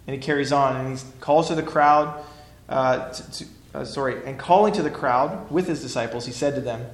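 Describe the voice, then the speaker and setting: A male pastor preaching a sermon emphatically, swinging between loud declarations and hushed lines. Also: mid-range voice, moderate pace, roomy sound.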